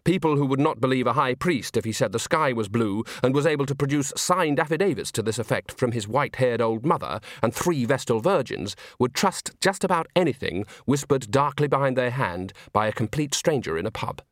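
An expressive male narrator reading a comic novel, his pitch rising and falling freely. He reads in a wry, lively way, recorded close and dry with no room sound. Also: fairly quick, few pauses, no echo. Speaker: audiobook narrator. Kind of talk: audiobook narration.

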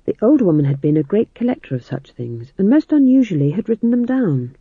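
Brief: wry audiobook narrator, animated pitch, dry phone-quality audio. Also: brisk, slightly rough, no echo. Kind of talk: scripted narration.

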